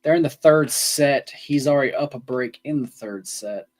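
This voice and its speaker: A man's voice: medium pitch, moderate pace. A man co-hosting a sports betting show, rambling casually with lots of ums and restarts. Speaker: co-host. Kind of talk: sports betting podcast chat.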